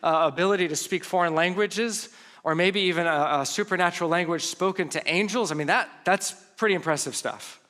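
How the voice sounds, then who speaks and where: Male pastor, sermon delivery, bright forceful tone, earnest and questioning. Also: sits high, brisk, long reverb tail. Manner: earnest preaching, rhetorical questions, reads scripture aloud.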